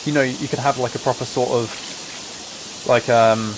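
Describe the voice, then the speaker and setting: A young British man hosting a relaxed livestream, chatting casually and rambling as he answers his chat. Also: medium pitch, a little slow. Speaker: livestream host. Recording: steady hiss of spraying water behind.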